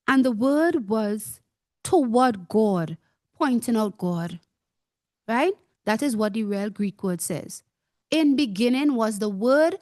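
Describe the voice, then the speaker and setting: A woman teaching from the Bible in the style of a sermon, her pitch climbing and falling widely as she presses each point. She speaks slowly and deliberately and reads the verses aloud before explaining them. The sound is dry and close. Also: darkish tone, no echo. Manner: emphatic, reads scripture aloud and explains it, asks listeners to confirm. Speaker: preacher.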